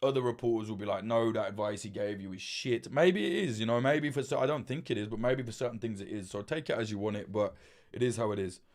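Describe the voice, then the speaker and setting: A man's voice: mid-range voice, fast talker, a little mellow. Rambling, swearing man. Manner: rambling, swears freely, many fillers and restarts. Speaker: livestream host. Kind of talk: casual livestream chat.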